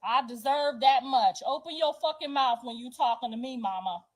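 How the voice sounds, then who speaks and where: A woman's voice: sits high, moderate pace, lightly acted, rough recording. A woman putting on her mother's voice: a scolding mother with missing teeth who talks through a tight, held mouth.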